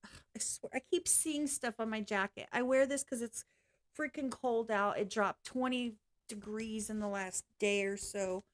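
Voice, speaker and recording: A woman's voice: fairly high pitch, measured pace. A woman vlogging in a casual, rambling way, apologizing often and swearing now and then. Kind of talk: casual reaction vlog chat.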